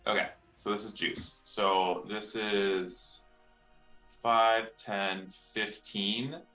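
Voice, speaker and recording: A man playing a tabletop game, chatty, thinking aloud and counting his dice out loud. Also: fairly low pitch, fairly even intonation, extremely slow, soft background music. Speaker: player. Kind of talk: tabletop gaming chat.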